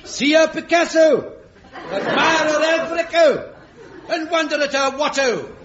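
A man's voice: very high voice, a little slow, a loud crowd, heavy background noise. A man voicing a showy circus barker who calls out to crowds, in a radio comedy. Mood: hawking. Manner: showy, bellowing announcer. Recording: roomy, dull old radio recording.

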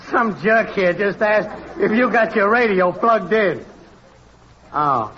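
Brash, shrill radio technician. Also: male voice, animated, slow, fairly bright tone, a little hiss or hum, exaggerated voice. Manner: brash, cocky, bossy. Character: brash wisecracking male network technician. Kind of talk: 1940s radio comedy acting. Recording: lo-fi 1940s radio broadcast.

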